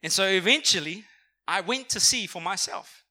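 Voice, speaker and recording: A young man preaches to a church congregation in an energetic, conversational way, often asking them to repeat words back to him. His voice sits high, with a very bright, forceful edge. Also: normal speed. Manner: energetic, conversational, calls for audience response. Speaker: pastor. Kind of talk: sermon. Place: church auditorium.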